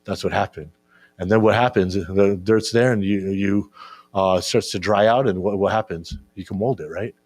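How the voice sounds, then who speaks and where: Low-voiced man giving an informal sermon. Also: steady tone, normal speed, darkish tone. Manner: conversational, keeps asking "right?"; repeats words when searching for them. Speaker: speaker at a religious gathering. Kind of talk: informal sermon to young listeners.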